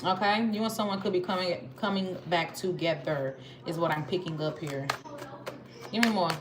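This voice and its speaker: A woman's voice: on the low side, normal speed. A woman with a Southern accent giving a casual tarot reading, chatty and slangy, talking straight to her viewers. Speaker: tarot reader. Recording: noisy with clicks.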